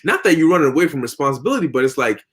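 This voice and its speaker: A man's voice: fairly high pitch, expressive, rapid-fire. Guy chatting about faith, voice jumps around a lot, quotes verses, plays out little voices. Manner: preachy, quotes scripture, acts out voices. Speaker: religious discussion co-host. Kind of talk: casual religious discussion.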